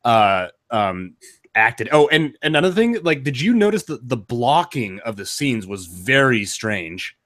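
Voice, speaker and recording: A man's voice: mid-range voice, sing-song, a little slow, a bit bright, no echo, clean studio sound. A man co-hosting a casual movie-review podcast, chatty and filler-heavy as he picks films apart. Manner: chatty, full of ums and likes. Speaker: podcast co-host.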